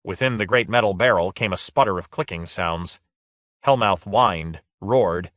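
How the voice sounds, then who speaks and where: A man narrating an audiobook in a steady, measured way. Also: deep voice, no room sound, clean studio sound. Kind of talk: scripted narration.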